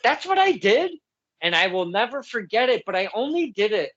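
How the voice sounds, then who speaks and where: A man's voice: sits high, big pitch swings, normal speed, fairly bright tone. A man hosting a casual interview, rambling and stammering as he tells stories and laughs along. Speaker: podcast host and local wrestling ring announcer. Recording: slightly dull lo-fi sound.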